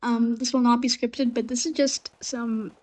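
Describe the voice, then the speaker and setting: A woman's voice: fairly high pitch, little pitch movement, moderate pace, a little mellow. A young woman at university telling a story unscripted, rambling with many fillers and restarts, still coughing from a recent illness. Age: young adult. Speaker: university student.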